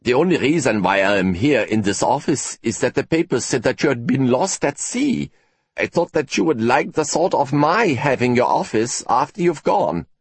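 A man's voice: mid-range voice, lively intonation, moderate pace, slightly rough, no echo, voice pushed up. A man doing a flustered, stammering German academic. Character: flustered, timid male German academic rival. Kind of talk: audiobook character reading.

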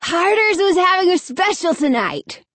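A boastful, loud young boy who likes to sneer, voiced by a woman reading a story. The pitch is lifted above her narrating voice, and the delivery is dry and close. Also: lively intonation, takes it slowly, no echo. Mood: brash.

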